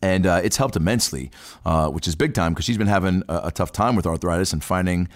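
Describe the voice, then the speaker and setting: A man's voice: sits low, quick pace. A man reading a sponsor ad on a podcast, playful and joking between lines. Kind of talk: read ad spot, joking.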